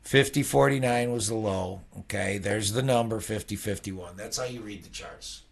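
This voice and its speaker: A man's voice: on the low side, moderate pace, gravelly, husky. A man casually walking through futures charts as a trading educator, rambling and checking in with "okay?" after nearly every point. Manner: rambling, conversational, peppered with "okay?".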